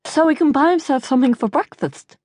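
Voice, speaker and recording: A woman voicing an Irish Dublin mother whose tongue has gone numb and swollen, talking thickly and high. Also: brisk, darkish tone, no echo, studio quality, natural voice. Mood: brusque.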